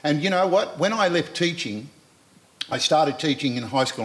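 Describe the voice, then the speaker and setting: A man's voice: a little high, moderate pace, long pauses, a bit bright. Earnest Australian man in his sixties. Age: 60s. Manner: earnest, repetitive, addresses listeners directly. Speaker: panel speaker and university lecturer. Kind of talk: live panel talk to an audience.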